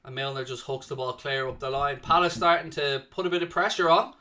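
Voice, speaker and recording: A man's voice: mid-range voice, brisk. A young man hosting a live fan watchalong, calling the play and chatting with viewers in between. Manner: chatty, excitable play-by-play, reads chat messages aloud. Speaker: watchalong commentary host. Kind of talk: live fan commentary and chat reading.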